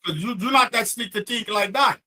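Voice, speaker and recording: Man, panelist, argues back hard, high bright forceful voice. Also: a little fast, a little hiss or hum. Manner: argues back forcefully, calls others idiots. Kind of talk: heated live panel argument.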